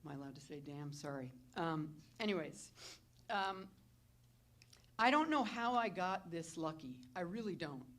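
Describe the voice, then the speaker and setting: A woman in her fifties, the chief of a fire department, speaks at her indoor retirement announcement. Her voice sits fairly low, and her delivery is loose and heartfelt, with frequent ums as she thanks colleagues one by one. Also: animated, normal speed. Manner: informal, many fillers, warm thanks. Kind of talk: emotional public speech. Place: indoor event with audience.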